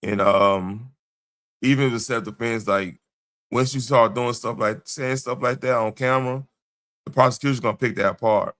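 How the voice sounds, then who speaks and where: A man's voice: mid-range voice, fairly even intonation, moderate pace, a bit bright. A tired man hosting a late-night livestream, talking in a loose, blunt, slangy way with his voice wearing out. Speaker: livestream host.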